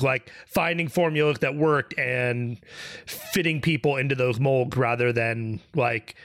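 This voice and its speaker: A man's voice: mid-range voice, vocal fry, fairly bright tone, no room sound. Man, podcast guest, wry, self-deprecating, laughs often, dry close sound. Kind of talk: casual podcast chat.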